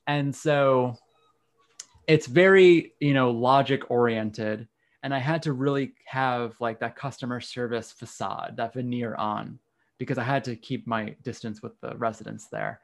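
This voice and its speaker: A man's voice: mid-range voice, steady tone, unhurried, creaky. A man, candidly telling a personal story in casual conversation. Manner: candid, frank, occasional swearing. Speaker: guest.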